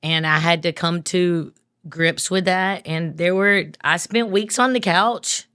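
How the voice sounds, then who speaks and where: A woman's voice: on the low side, a little slow, fairly bright tone, clean tone. A woman, a guest telling an emotional personal story in an earnest, plainspoken way with casual swearing. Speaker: guest, business owner.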